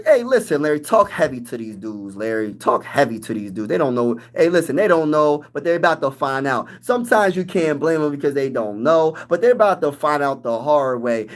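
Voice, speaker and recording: A man hosting a casual sports livestream, hyped and animated as he reads and answers chat with fan trash talk. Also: a little high.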